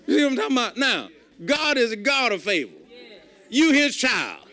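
A male pastor preaching a folksy, emphatic sermon, rising to shouts at times. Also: very high-pitched, very animated, normal speed.

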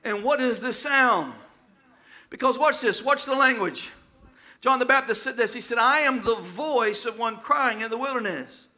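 A man preaching a sermon in call-and-response style, often shouting and chanting his lines. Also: extremely high pitch, normal speed.

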